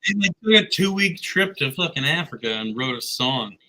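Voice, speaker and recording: A man's voice: a little high, expressive, moderate pace, pushed and bright, low-quality recording. A man in casual podcast chat, joking crudely and rambling with lots of swearing.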